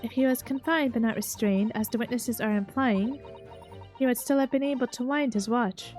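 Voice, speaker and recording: A woman's voice: on the high side, moderate pace, a little mellow. A woman hosting a let's play, reading the game's dialogue aloud and musing casually between lines. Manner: casual, hesitant fillers while reading. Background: game music.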